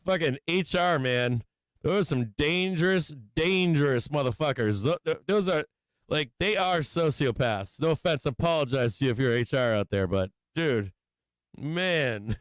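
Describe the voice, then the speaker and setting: A man's voice: a little high, expressive, moderate pace, clean tone, no room sound, studio quality. Tipsy, foul-mouthed man hosting a livestream. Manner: profane, rambling, laughing often. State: tipsy from drinking. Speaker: livestream market show host. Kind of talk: casual livestream chat.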